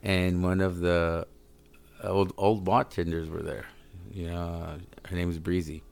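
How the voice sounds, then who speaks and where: Gravelly low-voiced man telling stories. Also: level tone, a little slow, darkish tone. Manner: rambling, profane storytelling with many fillers. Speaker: podcast guest. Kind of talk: casual podcast chat.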